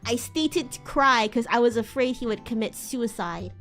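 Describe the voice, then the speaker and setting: High-voiced woman reading dramatically. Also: moderate pace, few pauses, soft background music. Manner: dramatic, mocking reading with stumbles. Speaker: streamer. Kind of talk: dramatic live reading of a fanfic.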